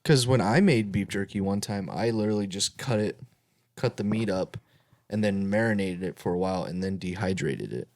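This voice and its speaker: A man's voice: lowish voice, a little fast, darkish tone, dry recording. A young man on a podcast with friends, chatting casually and explaining things plainly. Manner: matter-of-fact, explaining. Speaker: podcast co-host. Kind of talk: casual chat among friends.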